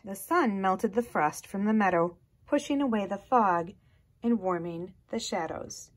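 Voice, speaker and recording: A woman reading a children's picture book aloud in a slow, gentle, expressive way, sometimes dropping to a hush. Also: mid-range voice. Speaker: storyteller.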